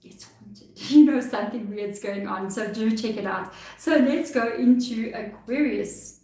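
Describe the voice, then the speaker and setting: A woman's voice: on the high side, measured pace, a little mellow. A woman with a South African accent giving a chatty, reassuring live tarot reading, laughing often. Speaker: tarot reader. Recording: echoey room, mic far off.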